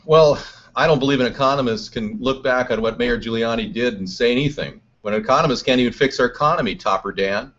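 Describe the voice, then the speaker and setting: A man's voice: medium pitch, quick pace, a bit bright. A man hosting a live political chat show, reading chat comments aloud and answering them combatively. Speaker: host. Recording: dull lo-fi stream audio.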